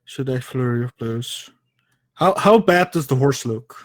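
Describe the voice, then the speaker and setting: A man playing a tabletop game, calmly describing his attacks and asking about the target. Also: mid-range voice, unhurried, no room sound. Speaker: player.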